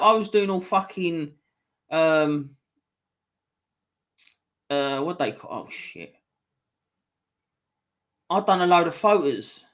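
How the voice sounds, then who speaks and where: A man's voice: a little high, lively intonation, slow pace, pauses often, a bit bright. A man hosting a casual live stream, reading viewer comments aloud and swearing freely as he chats. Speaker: livestream host reading chat.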